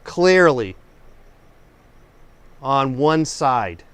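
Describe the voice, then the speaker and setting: A man's voice: mid-range voice, very animated, very slow, fairly bright tone, clear, resonant tone. A man from Oakland hosting a live painting stream, a few drinks in, rambling and stumbling over his words. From Oakland, California. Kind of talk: casual live-stream chat.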